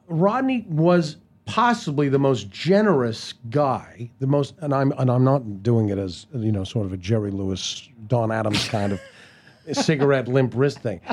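Man from Canada, mid-pitched voice, chatty podcast guest, animated anecdotes. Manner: lively storyteller, many restarts, slips into impressions. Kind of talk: casual anecdote chat.

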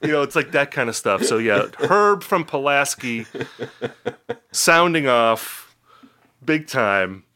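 A man from the middle of the country hosting a sports podcast, ranting with mock outrage in an animated way. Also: medium pitch, takes it slowly, pauses often, clear, resonant tone. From Wisconsin, middle of the country. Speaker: podcast host.

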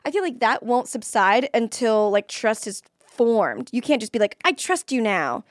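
A woman's voice: a little high, very animated, normal speed, dry recording, clean studio sound. A young adult woman co-hosting a casual podcast chat, talking freely with lots of "like" and reading out a listener's question. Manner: chatty, frequent "like", laughs easily. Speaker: co-host.

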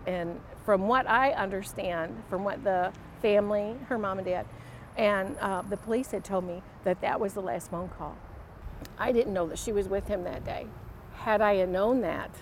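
A woman's voice: mid-range voice, normal speed, a little hiss or hum, poor audio. A woman interviewed about a missing relative, telling the story in an emotional, rambling way. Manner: emotional, rambling retelling that acts out dialogue. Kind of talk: recorded interview.

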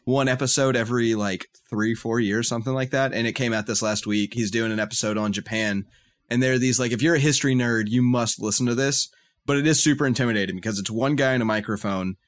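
A podcast co-host with a medium-pitched, fairly even voice speaks at a quick pace, eagerly describing things in casual chat. His enthusiastic storytelling is packed with "uh"s and "like"s.

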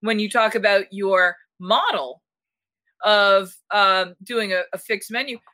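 A woman's voice: mid-range voice, slow pace, bright, forceful tone. A woman hosting a casual panel chat, asking long, rambling questions full of restarts.

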